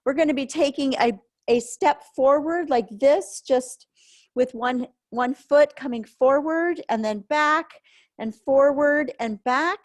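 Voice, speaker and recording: A woman leading an online grief yoga session, giving soft, gentle guidance through a headset mic. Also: high voice, slow.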